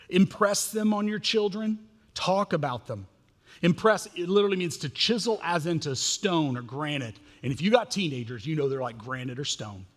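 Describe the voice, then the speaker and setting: A man in his thirties preaching a sermon as pastor, animated and self-mocking as he tells family stories. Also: mid-range voice. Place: church sanctuary. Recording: long reverb of a church hall.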